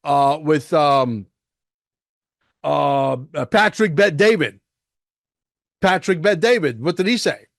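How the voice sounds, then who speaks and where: A man's voice: a little high, slow pace, vocal fry, pauses often, no echo, clean studio sound. A man hosting a podcast, ranting emphatically with rhetorical questions and profanity as he comments on a clip. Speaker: podcast host.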